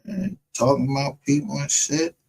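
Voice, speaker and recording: A man's voice: mid-range voice, normal speed, creaky, darkish tone, slight background noise, rough recording. A man hosting a livestream, rambling in casual, profane commentary and laughing often. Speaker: livestream show host.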